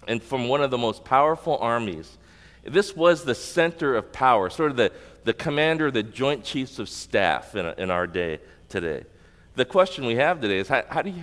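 A man's voice: medium pitch, a bit bright. A male pastor preaching a sermon, teaching and asking the congregation rhetorical questions. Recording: long reverb of a large hall.

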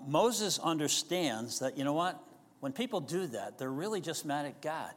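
With a mid-range voice and a long reverb tail, this pastor preaches a sermon. He speaks casually and conversationally, often directing questions at the congregation.

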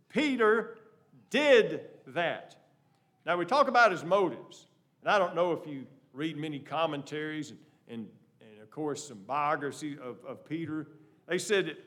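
A man preaching a sermon, moving between loud emphatic lines and soft, quiet asides. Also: a little high. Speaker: pastor.

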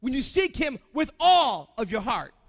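A man preaching a sermon in a very high voice. He asks the congregation questions and drops to soft asides before rising to loud, emphatic lines. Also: very animated, measured pace, creaky. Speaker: pastor.

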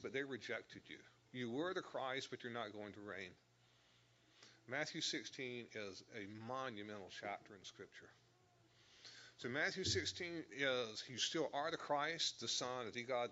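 A man's voice: mid-range voice, fairly bright tone, highs cut off. A man teaching a Bible lesson, explaining verse by verse and stressing key words. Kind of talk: sermon.

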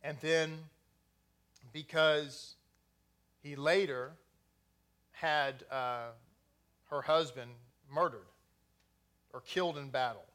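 A middle-aged man giving a sermon on scripture, mixing in personal stories and growing loud and animated as he tells them. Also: a little high, takes it slowly, long pauses. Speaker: teacher of scripture.

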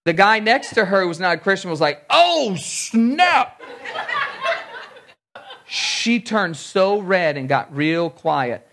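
Storytelling preacher, fairly high voice. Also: male voice, normal speed, few pauses, a bit bright, slight background noise. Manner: storytelling, conversational preaching with acted-out dialogue. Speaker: pastor. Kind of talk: sermon.

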